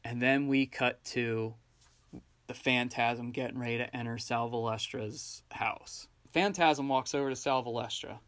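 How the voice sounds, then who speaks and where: A man's voice: mid-range voice, fairly even intonation, measured pace, fairly bright tone. A man co-hosting a film podcast, casually retelling scenes and acting out quoted lines. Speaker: podcast co-host.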